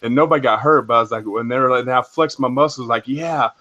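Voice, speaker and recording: A man calling in to a spiritual show and recounting a dream in a rambling, halting way. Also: medium pitch, sharp tone, lo-fi sound. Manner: rambling, many fillers and restarts. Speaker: caller. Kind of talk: casual storytelling.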